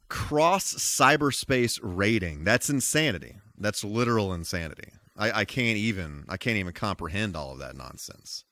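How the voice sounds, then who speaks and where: A man talks through a live game stream on a close streaming mic, his voice leaping high and dropping low. He mixes silly yelps with mock-formal little asides. The sound is dry and close, with no room echo. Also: smooth. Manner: animated, goofy exclamations and mock-formal asides. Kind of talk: live gameplay commentary.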